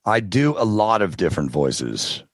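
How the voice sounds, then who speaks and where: Deep-voiced male guest, dry studio sound, easygoing storyteller. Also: moderate pace, no echo. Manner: relaxed storytelling, tries out character voices. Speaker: podcast guest, audiobook narrator. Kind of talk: casual interview chat.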